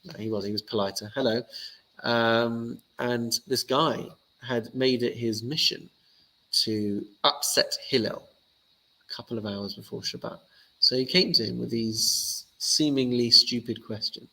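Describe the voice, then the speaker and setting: A man, a rabbi giving a casual teaching talk and telling stories lively, acting out the characters. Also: medium pitch, measured pace, vocal fry, slight background noise, poor audio.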